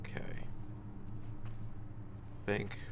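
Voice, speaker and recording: A man's voice: very slow, whispered. A man streaming a horror game live, chatting to viewers and swearing freely as he plays. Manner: profane, excitable, swears often. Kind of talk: live gameplay commentary.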